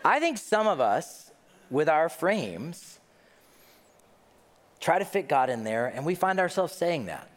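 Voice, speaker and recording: Lively middle-aged pastor preaching. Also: male voice, on the high side, slow pace, long pauses. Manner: animated storytelling, self-deprecating humor. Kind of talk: sermon. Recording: long hall reverb.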